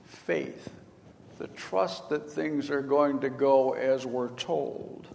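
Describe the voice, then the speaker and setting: A man's voice: mid-range voice, steady tone, takes it slowly, vocal fry, a little mellow, a little hiss or hum. An older man giving a sermon, retelling a story in a folksy way and acting out the quoted lines. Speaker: preacher. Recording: long hall reverb.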